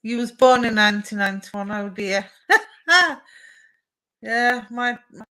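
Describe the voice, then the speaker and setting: A young woman talks casually into her webcam from home, answering viewers' comments one by one. Her voice is bright and clear, and her easy chat is full of little ums and restarts. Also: a little high, expressive, takes it slowly, poor audio. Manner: chatty, warm replies to viewer comments with frequent fillers. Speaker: psychic medium and live stream co-host. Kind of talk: casual live stream chat and readings.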